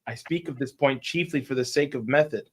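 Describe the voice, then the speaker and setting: A man's voice: mid-range voice, a little fast. A man reading a classic detective story aloud on a casual live stream, taking a detective's long speech, stumbling now and then and restarting words.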